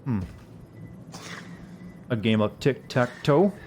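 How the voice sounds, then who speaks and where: A man's voice: mid-range voice, takes it slowly. A man from the southern US who chats casually with viewers as a streamer, rambling and using many fillers. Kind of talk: casual gameplay chat. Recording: steady background hiss.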